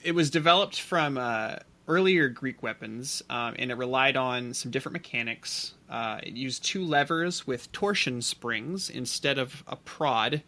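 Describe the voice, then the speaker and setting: A man's voice: medium pitch, a little slow, hardly any pauses, bright, forceful tone. A man co-hosting a casual podcast, explaining a topic at length with many fillers and restarts. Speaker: podcast co-host.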